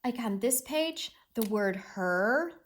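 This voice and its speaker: A woman teacher reads aloud to children and explains the story, her voice rising and falling a lot. She talks slowly and with clear emphasis, encouraging her listeners all the way through. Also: fairly high pitch, expressive. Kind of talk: read-aloud reading lesson.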